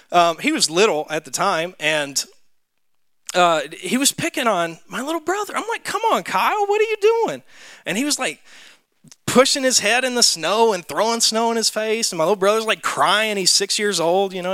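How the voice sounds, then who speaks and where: Young man, church testimony, chatty with lots of fillers; bright, crisp tone. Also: high voice, no echo. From Mississippi, USA. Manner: storytelling with many fillers. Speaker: church speaker. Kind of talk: sermon testimony.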